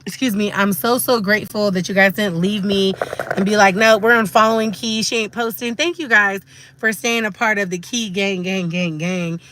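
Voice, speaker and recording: Bright-voiced grateful woman streamer. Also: mid-range voice, moderate pace, a little hiss or hum. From California. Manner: grateful, chatty, addresses viewers as you guys. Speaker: livestream host. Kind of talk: casual live chat to viewers.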